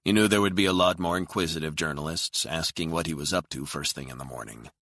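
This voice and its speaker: A man narrating a thriller audiobook in a steady, measured reading. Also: rumbling low, no room sound, studio quality.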